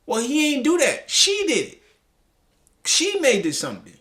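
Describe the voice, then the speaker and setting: Heated high-voiced man ranting. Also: huge pitch swings, moderate pace, pushed and bright. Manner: heated, profane, rambling with restarts. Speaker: commentary host. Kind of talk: reaction commentary.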